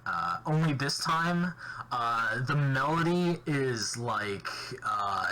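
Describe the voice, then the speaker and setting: A man narrating a tabletop role-playing game as game master, halting with many fillers and restarts. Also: mid-range voice, very animated, bright, forceful tone, poor audio. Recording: faint background noise.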